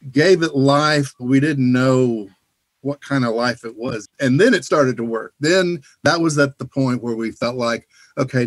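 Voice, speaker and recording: Male sound designer on a video call, rambling, filler-heavy, mid-pitched. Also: no room sound. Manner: rambling, full of "you know" fillers. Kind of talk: casual panel Q&A over a video call.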